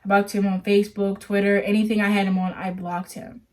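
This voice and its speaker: A woman's voice: mid-range voice, little pitch movement, fairly quick, a little mellow. A young woman vlogger telling a personal story in a casual, chatty way, leaning heavily on "like" and ending on an earnest warning. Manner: chatty, heavy use of "like"; earnest, cautionary.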